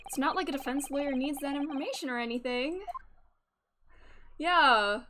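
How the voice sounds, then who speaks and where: A woman streaming a video game, reacting in excitable casual commentary with swearing and laughing asides. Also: sits high, moderate pace, background noise. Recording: game music playing behind.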